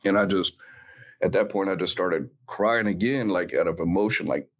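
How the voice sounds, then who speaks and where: A man, a former police officer, earnestly recounting his past in an interview, halting and reflective with many fillers. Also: low-pitched. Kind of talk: personal storytelling in an interview.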